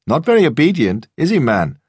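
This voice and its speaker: Male narrator voicing a sneering yob, husky, raised and brash, dry close mic. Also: fairly high pitch, huge pitch swings, brisk, no echo, voice pushed up, exaggerated voice. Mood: mocking. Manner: loud taunting sneer. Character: jeering young male thug, loud and mocking.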